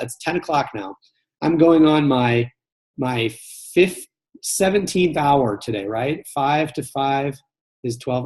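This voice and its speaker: A man's voice: fairly high pitch, a little mellow. A man coaching salespeople on a live call, earnest, often repeating and restarting his phrases as he talks straight to his audience. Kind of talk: live webinar coaching talk.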